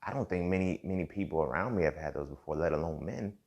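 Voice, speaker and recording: Recorded with dull audio, a young podcast host speaks quickly and animatedly in a low, darkish voice. He reflects casually, repeats himself, and checks in often with "you feel me."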